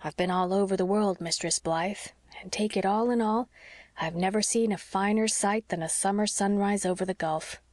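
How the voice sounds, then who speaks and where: A woman reading as a frail, gentle old sea captain. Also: medium pitch, normal speed, no room sound, lightly acted. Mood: wistful.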